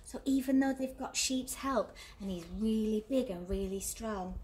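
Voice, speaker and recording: A woman's voice: mid-range voice, unhurried, few pauses, a little hiss or hum. A woman reading a picture book aloud to children in a sing-song storyteller manner, asking them questions along the way. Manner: animated, sing-song, talks to kids.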